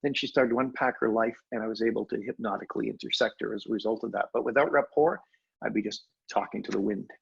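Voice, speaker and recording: An older man telling stories as a podcast guest, animated with expressive jumps in pitch. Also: fast talker, vocal fry, slightly rough, highs cut off. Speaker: guest, hypnosis trainer. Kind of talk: storytelling in conversation.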